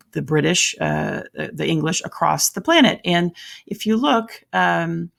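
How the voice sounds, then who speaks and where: A woman's voice: fairly low pitch, creaky. A woman with a Southern US accent teaching a recorded lesson in a chatty way, often stopping to correct herself. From American South. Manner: chatty, self-correcting explanations.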